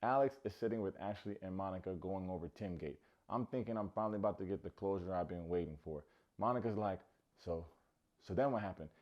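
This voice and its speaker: A man with a fairly low voice hosts a comedic TV show recap at a quick pace, playful and full of sarcastic jokes and teasing asides. The recording sounds a little dull and lo-fi.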